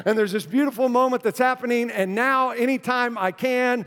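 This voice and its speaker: A man with a high voice preaches a sermon to his congregation, easygoing and joking but turning earnest. His voice rings out with the long reverb of a church hall. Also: normal speed, few pauses, fairly bright tone. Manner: conversational, joking, then earnest. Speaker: pastor. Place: church sanctuary.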